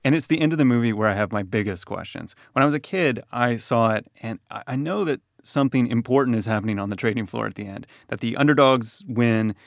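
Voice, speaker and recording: A man hosting a podcast, talking in a measured, curious way. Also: mid-range voice, vocal fry, no room sound, clean studio sound. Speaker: podcast host. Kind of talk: casual chat.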